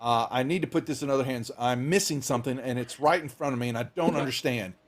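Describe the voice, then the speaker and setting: A man's voice: medium pitch, quick pace, natural voice. A man voicing a tired, disheveled middle-aged guild master who talks in a weary, pleading way.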